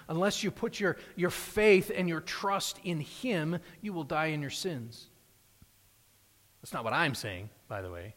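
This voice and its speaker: Man, pastor, earnest sermon, restarts phrases, slightly high voice, long hall reverb. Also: lively intonation, measured pace, a bit bright. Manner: earnest preaching, rising emphasis, frequent restarts.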